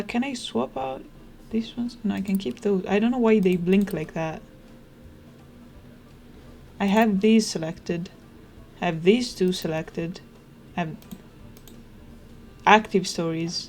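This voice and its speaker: A woman's voice: mid-range voice, creaky, darkish tone. Chatty young woman playing a game. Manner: chatty, rambling, thinks aloud. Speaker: gaming streamer. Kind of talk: casual let's play commentary. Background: game music.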